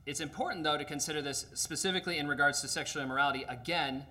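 Bright-voiced man preaching a sermon. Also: fairly high pitch, fairly even intonation, rapid-fire. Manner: earnest, emphatic, with frequent fillers and restarts.

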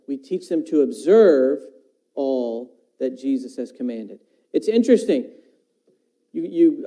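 A man delivers a sermon in a fairly high voice with a deeply mellow, dark tone. He talks earnestly, circling back on his phrases and posing rhetorical questions to his listeners. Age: adult parent. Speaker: preacher.

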